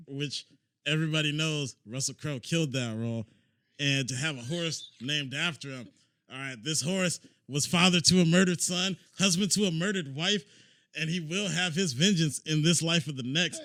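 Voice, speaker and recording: A man's voice: fairly high pitch, normal speed, fairly bright tone, no echo, clean studio sound. Drunk, profane man joking on a podcast. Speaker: podcast co-host. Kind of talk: casual drunk chat.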